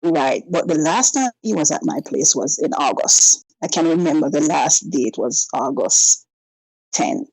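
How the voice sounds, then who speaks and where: A woman's voice: sits low, expressive, measured pace, a little mellow, breathy edge, no echo, rough recording. A woman, calling in and telling a personal story in a casual way, acting out both sides of the conversations. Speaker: caller.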